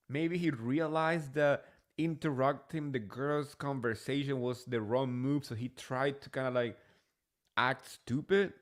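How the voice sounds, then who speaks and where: A man's voice: mid-range voice, a little slow. A man hosting a casual reality TV recap, chatty and gossipy, swearing freely. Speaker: host.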